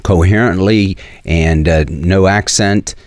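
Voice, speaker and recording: Deep-voiced Southern man preaching commentary. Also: slow pace, darkish tone, no room sound, clean studio sound. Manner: preachy, earnest, with frequent fillers and restarts. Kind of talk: opinion commentary with scripture.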